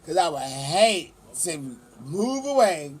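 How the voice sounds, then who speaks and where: Out at the beach, a Californian vlogger in his forties talks loosely and profanely to his camera. His slightly high, sing-song voice has a bit of roughness, and he keeps a slow pace.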